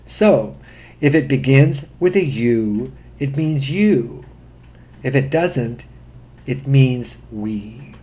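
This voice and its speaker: Man, Greek grammar lecture, slow deliberate delivery, middle pitch, step-by-step explaining. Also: lively intonation, warm tone. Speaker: Greek language teacher. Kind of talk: recorded lecture.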